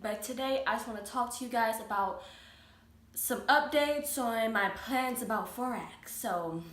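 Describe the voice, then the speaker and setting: A woman's voice: on the high side, measured pace, a bit bright. A young woman vlogging casually at home, chatting while she eats in front of her camera. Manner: chatty, eating while talking. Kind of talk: casual mukbang chat. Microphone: camera mic. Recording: echoey room, faint ambient noise.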